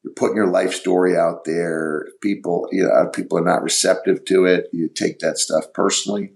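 A middle-aged man with a very low voice and a rough, gravelly edge. He talks in a loose, rambling way, pausing and restarting as he hunts for the right word. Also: steady tone, darkish tone. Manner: rambling, halting, searches for words. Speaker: podcast guest. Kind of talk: casual storytelling.

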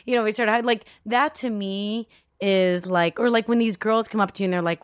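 A woman in her thirties, an actress guest on a podcast, chatting in a bubbly, excitable way and laughing often. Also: on the high side, normal speed, clear, resonant tone, no echo, clean studio sound. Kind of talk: casual podcast chat.

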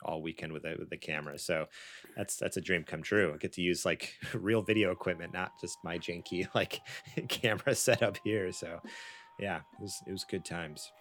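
Laid-back low-voiced man hosting a podcast. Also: normal speed, a bit bright, slight background noise. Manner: upbeat, laughs often, trails off into fillers. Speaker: podcast host. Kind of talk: casual gaming podcast chat.

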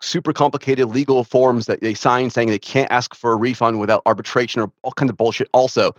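A man's voice: mid-range voice, fairly quick, no room sound. Man, podcast guest, casual explainer, slangy, muffled lo-fi sound, dry. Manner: relaxed, explanatory, drops in slang and swearing. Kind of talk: casual chat.

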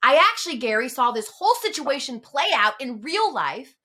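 A woman's voice: sits high, sing-song, normal speed, pushed and bright. A woman co-hosting a casual podcast chat, telling stories animatedly and acting out the people she quotes. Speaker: podcast co-host.

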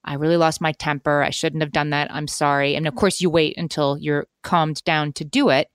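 A woman's voice: low voice, steady tone, fairly quick, clear, resonant tone, no room sound, studio quality. A woman in her forties co-hosting a podcast, talking things through earnestly in casual chat and restarting her sentences as she thinks. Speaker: podcast co-host.

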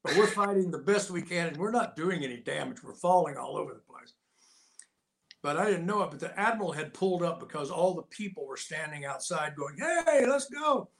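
An older man, a guest, telling lively personal stories in casual talk and acting out the voices of people in them. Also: fairly high pitch, fairly quick, creaky. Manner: lively anecdotal, acts out quotes. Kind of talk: casual storytelling.

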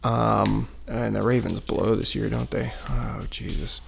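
A man's voice: fairly low pitch, fairly even intonation, measured pace, vocal fry, slight background noise. A man in his thirties casually telling a personal story from his couch at home, rambling and self-deprecating with lots of fillers. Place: living room couch at home, dog barking nearby.

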